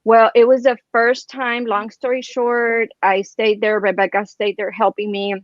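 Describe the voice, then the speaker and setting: A woman telling a personal story in casual chat as a guest, rambling and animated, filling her speech with "like" and "right?". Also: a little high, a little slow, no room sound, highs cut off.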